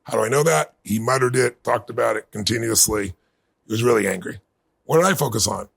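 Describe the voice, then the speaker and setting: A middle-aged man being interviewed, telling a personal story in earnest and building to bursts of excitement. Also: medium pitch, a little fast. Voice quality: gravelly, husky. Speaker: guest.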